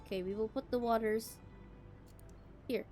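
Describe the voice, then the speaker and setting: A young woman from the Philippines streaming a game, chatting casually in a deliberately cute, girlish voice. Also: a little high, fairly even intonation, mellow, soft background music. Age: young adult. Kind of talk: casual gameplay chat.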